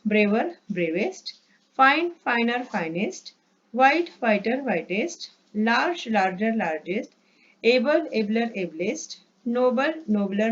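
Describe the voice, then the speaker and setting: A woman's voice: a little high, slightly rough. A woman teaching an English grammar lesson, reading out word lists patiently and correcting herself as she goes. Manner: patient, repeats words, corrects herself with "sorry". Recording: dull lo-fi recording.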